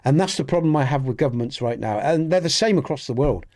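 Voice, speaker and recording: Game streamer, male, southwest Dorset accent, a touch higher than most men, earnest and rambling with live chat. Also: animated, fast talker, hardly any pauses, darkish tone. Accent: Dorset, Southwest England. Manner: rambling, earnest, repeats and restarts words. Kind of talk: casual chat with live viewers.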